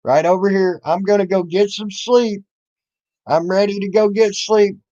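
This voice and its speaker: This YouTube commentator speaks high-pitched and mellow, with fairly even intonation and a moderate pace. He swears freely as he mocks and confronts people in an angry rant, and the dull lo-fi audio has no echo.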